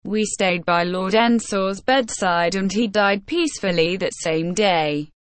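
A woman reading a storybook in a scripted narration, slow, careful and even. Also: mid-range voice, clean tone, no echo. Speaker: audiobook reader.

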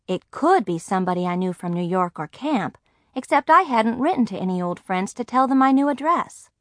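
A woman reading a first-person audiobook aloud, telling the story in a lively, expressive way. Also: a little high, a little fast, no echo, clean studio sound. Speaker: audiobook narrator.

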